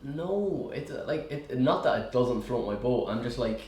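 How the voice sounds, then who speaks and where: A man's voice: mid-range voice, animated, moderate pace, a little mellow, roomy sound. A young man with an Irish accent, chatting casually as a podcast guest in a rambling, self-deprecating way. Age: young adult. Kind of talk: casual chat.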